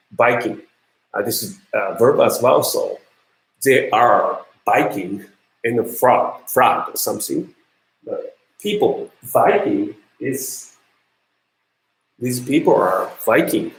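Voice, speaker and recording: A Japanese man with a Japanese accent, a non-native English speaker giving an online university lecture in a halting manner as he searches for words. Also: mid-range voice, creaky. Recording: roomy echo.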